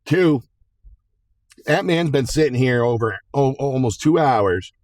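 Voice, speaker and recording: A man's voice: mid-range voice, animated, normal speed, a little mellow, no echo, pitched above the performer's own voice, lightly acted. A man telling a story while putting on the voice of a stern, no-nonsense woman judge who scolds firmly and emphatically. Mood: stern scolding.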